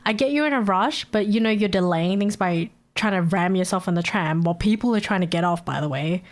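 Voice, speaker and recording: A woman's voice: medium pitch, a little fast. Ranting, swearing woman streamer. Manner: ranting, swears a lot, laughs often. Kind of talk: casual live-stream chat.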